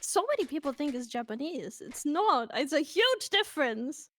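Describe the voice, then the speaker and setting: High-voiced Swedish woman chatting playfully. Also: big pitch swings, normal speed, fairly bright tone. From Sweden. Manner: playful, chatty, swears casually. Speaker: guest on a stream. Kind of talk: casual chat with stream viewers.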